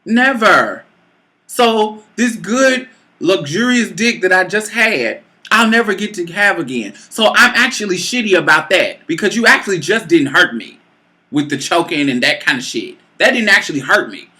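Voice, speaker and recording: A woman in her late twenties telling a personal story to camera, bluntly and with heavy profanity, swinging between loud outbursts and low mutters. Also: lively intonation, normal speed. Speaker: vlogger. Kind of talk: storytime monologue.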